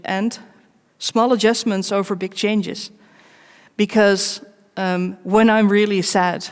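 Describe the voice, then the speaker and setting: Woman speaking in a reverberant hall. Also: on the low side. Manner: candid and personal, with wry self-mocking asides; measured, pausing between short phrases. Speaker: conference speaker. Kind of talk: live conference talk. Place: large conference hall. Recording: long reverb of a big hall.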